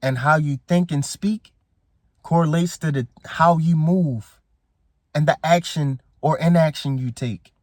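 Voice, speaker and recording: A man with a fairly high voice delivers a motivational speech with emphatic, preachy force, repeating his key phrases and speaking in a loose, slangy way. The sound is close and dry, with no room echo. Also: unhurried, a little mellow. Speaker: motivational coach.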